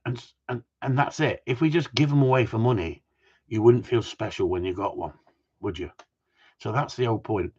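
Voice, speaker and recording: Man, live-stream host, jokey and teasing, husky voice, muffled lo-fi audio. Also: medium pitch, fairly quick, darkish tone. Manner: jokey, teasing, reads viewer comments aloud. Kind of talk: casual live-stream chat. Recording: dull lo-fi sound.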